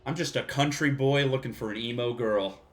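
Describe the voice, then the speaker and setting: A man's voice: mid-range voice, a little fast, soft background music. A man casually commenting while playing a video game on a live stream, joking, laughing often and swearing freely.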